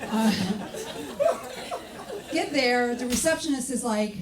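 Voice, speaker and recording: A French-accented woman performing stand-up on a club stage, delivering deadpan punchlines and mocking the people in her stories. Her voice sits a little way from the mic, and a noisy live room fills the space around her. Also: mid-range voice, normal speed. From France. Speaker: stand-up comedian. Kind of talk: stand-up comedy set. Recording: live club recording with noise, mic at a distance. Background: audience laughter.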